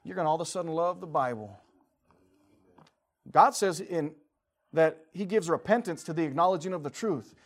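A man in his forties preaching a fervent sermon, swinging from quiet, low passages to loud, high-pitched shouting, acting out prayers and inner voices. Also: moderate pace. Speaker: pastor.

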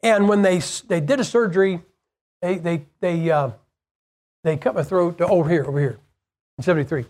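An older male evangelist giving an informal, conversational sermon. His partly paralyzed vocal cords leave his voice breathy at the ends of sentences, and he often restarts his phrases. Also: high-pitched, a little fast, long pauses, darkish tone. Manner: conversational and plain-spoken, with repeated restarts. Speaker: evangelist preacher.

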